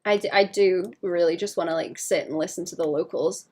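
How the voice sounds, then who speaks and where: Soft-spoken woman chatting while drawing. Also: fairly low pitch, fairly quick. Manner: soft-spoken, rambling, laughs often, many "like" fillers. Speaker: art streamer. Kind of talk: casual chat while drawing.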